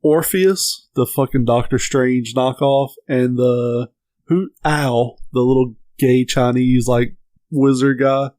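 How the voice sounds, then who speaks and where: A man chatting casually as a podcast co-host, his voice sitting in the middle range. He swears freely and retells cartoon bits with quick squeaky put-on voices. The recording is close and dry, with no room sound. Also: steady tone, a little mellow, no echo. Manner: swears a lot, acts out cartoon scenes with high voices. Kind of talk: casual chat.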